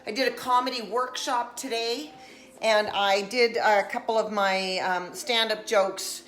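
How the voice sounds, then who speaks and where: Bright-voiced chatty woman. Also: mid-range voice, steady tone, a little slow, a little hiss or hum. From Nova Scotia, Canada. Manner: chatty and jokey, slips into put-on silly voices. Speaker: vlogger. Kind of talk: casual live-stream cooking chat. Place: home kitchen.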